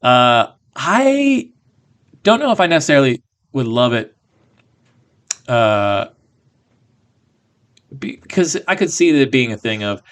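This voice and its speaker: A man of ordinary middle pitch co-hosting a casual movie podcast. He rambles through his thoughts with plenty of ums, uhs and restarts. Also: very animated, takes it slowly, long pauses, a bit bright. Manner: rambling, lots of fillers and restarts. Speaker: podcast co-host. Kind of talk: casual movie review chat.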